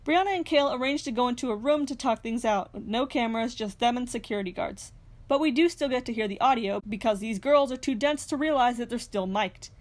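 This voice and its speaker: Woman, young adult, recap host, scripted narration, sarcastic, fairly high voice. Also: fairly quick. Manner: sarcastic, snarky asides.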